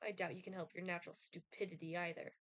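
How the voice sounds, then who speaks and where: Woman putting on a deadpan sardonic Grim Reaper. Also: lowish voice, fast, dry recording, voice pushed down, close to an everyday voice. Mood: scornful. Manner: dry, disdainful and deadpan. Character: cold sardonic male Grim Reaper, deathly aloof.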